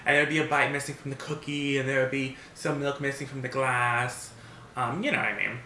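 A man of about thirty rambles through his stories with many fillers and restarts. His voice has a bright, forward edge, and the recording is roomy and echoey with faint noise underneath. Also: mid-range voice, fairly even intonation, brisk. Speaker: mukbang vlogger. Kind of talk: casual chat. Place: home, seated eating at a table. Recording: roomy echo.

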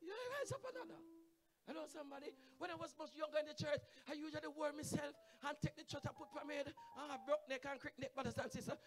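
A Jamaican man preaching in church with a very high, ringing voice. He drops into low, quiet asides, then builds to shouted, half-sung peaks and calls on the congregation to answer. Soft instrumental music plays faintly behind him. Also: little pitch movement, fast talker, few pauses. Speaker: guest evangelist preacher. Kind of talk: Pentecostal sermon. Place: church sanctuary.

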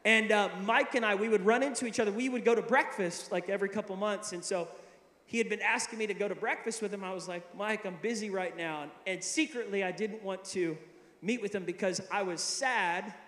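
Man, middle-aged pastor, sermon storytelling, acts out voices, high voice, roomy church hall. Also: fairly quick. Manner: animated, acts out dialogue with shifting voices. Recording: echoey hall, long reverb.

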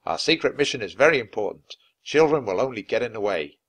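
A man's voice: medium pitch, sing-song, quick pace, fairly bright tone. A man voicing a stern, commanding army captain in a storybook reading.

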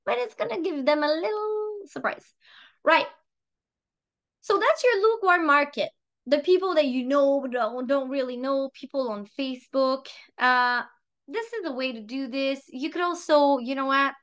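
A woman with a French accent, coaching listeners in a lively, chatty way and acting out sample phrases. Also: high-pitched, moderate pace, dull audio. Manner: lively, chatty, repeats herself. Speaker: sales trainer. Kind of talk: coaching talk with role-played examples.

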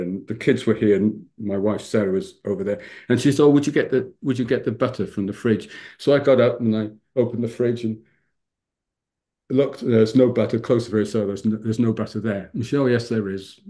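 Preacher in his fifties, animated storyteller, sermon over a video call. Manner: animated storyteller, rising pitch for emphasis. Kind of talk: sermon with personal stories.

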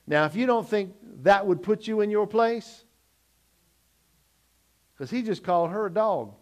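A middle-aged man preaching a sermon as pastor, swinging between loud emphatic lines and quiet low asides, often repeating words as he restarts. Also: lively intonation, unhurried.

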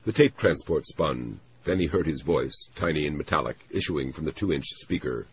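Brief: low male reader, lively and expressive, measured novel narration. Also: slight background noise, rough recording. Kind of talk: novel read aloud.

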